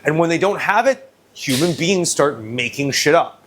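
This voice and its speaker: With music running underneath and a little hiss or hum, a young chef from China hosts a relaxed cooking video, walking through each step in a blunt, joking, often profane way. His voice is slightly high and a bit bright, expressive, at a moderate pace.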